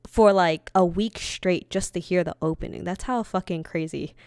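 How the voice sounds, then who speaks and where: Smooth-voiced young woman, animated and lively. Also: on the low side, normal speed, dry recording, clean studio sound. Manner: animated, laughs often, swears freely. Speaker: podcast co-host. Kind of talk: casual anime chat.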